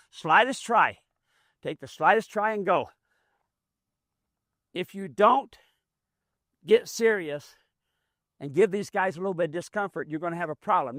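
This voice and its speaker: A man's voice: sits high, expressive, measured pace, long pauses, a bit bright, dry recording, clean studio sound. A man running a hands-on mule training demonstration outdoors, explaining in a folksy, plainspoken way as he works. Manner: folksy, explains as he works, drawling rural grammar.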